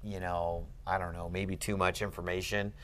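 A man's voice: deep voice, flat delivery, moderate pace, fairly bright tone. A man tutoring a student in Greek grammar, patient and asking leading questions. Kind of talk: one-on-one grammar lesson.

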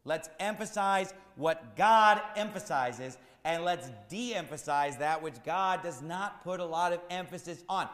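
Emphatic high-voiced man preaching in echoey hall. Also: measured pace, hardly any pauses, fairly bright tone. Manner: rhetorical questions, repetitive emphatic cadence. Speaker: pastor. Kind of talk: sermon.

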